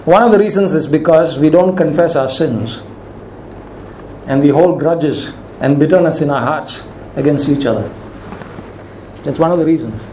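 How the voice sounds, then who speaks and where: A man preaching a sermon as pastor, emphatic, slowing and rising in pitch when he quotes commands. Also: dark tone, echoey room, slight background noise, rough recording.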